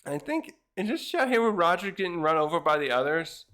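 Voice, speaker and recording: A man's voice: sits high, very animated, a little fast, hardly any pauses, sharp tone. A man casually reviewing a comic chapter, rambling with many fillers and restarts. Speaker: manga reviewer.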